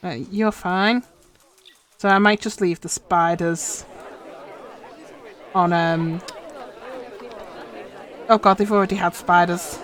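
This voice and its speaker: A woman's voice: fairly low pitch, steady tone, slow pace, long pauses, some chatter behind. A woman casually commenting on her live game stream, muttering instructions to herself as she plays. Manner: chatty, muttering instructions to herself while playing.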